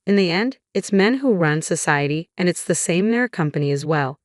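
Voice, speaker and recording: A man's voice: high-pitched, expressive, fairly quick, dry recording, clean studio sound. A woman reading the part of an arrogant, sexist middle-aged husband who talks down to others. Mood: smug. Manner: dismissive, condescending.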